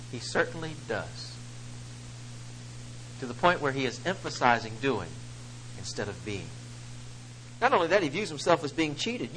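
Animated male preacher. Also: medium pitch, slight background noise, poor audio. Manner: emphatic, dramatic swings between loud and soft. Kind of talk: sermon.

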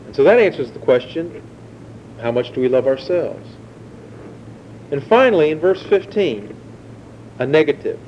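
A man delivering a sermon in a conversational teaching manner, often asking his listeners questions. His voice sits a bit higher than most men's but sounds mellow and dark. A faint low rumble runs under the recording. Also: sing-song, moderate pace, long pauses, low-quality recording. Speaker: preacher.

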